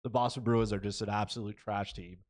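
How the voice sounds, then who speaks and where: A man's voice: fairly low pitch, steady tone, a little fast, darkish tone. Blunt opinionated male podcast host. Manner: blunt, frequent "right?" and "okay?" tags. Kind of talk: opinionated sports commentary.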